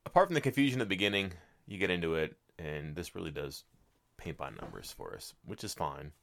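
Very deep-voiced man podcast co-host. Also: big pitch swings, brisk, gravelly, a bit bright, a little hiss or hum. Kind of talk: casual chat about a movie.

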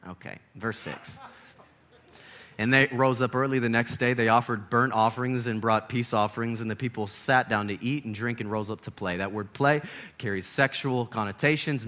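A young man preaching an animated sermon, swinging from hushed to loud and laughing often. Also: mid-range voice.

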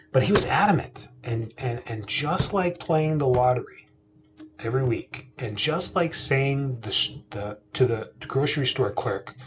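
A man's voice: medium pitch, a little hiss or hum. A man in his thirties, a podcast host, telling a personal family story in a casual chatty way, often restarting sentences and asking listeners rhetorical questions.

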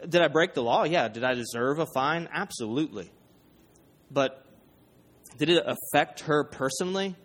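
A man preaching, telling a funny personal story with animated quoted voices. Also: fairly high pitch, moderate pace, long pauses. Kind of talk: storytelling sermon.

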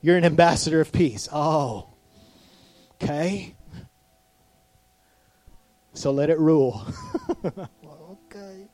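Male pastor, sermon, animated delivery, fairly high voice, dry sound. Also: a little slow, long pauses, no echo. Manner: animated preaching, acts out quoted voices.

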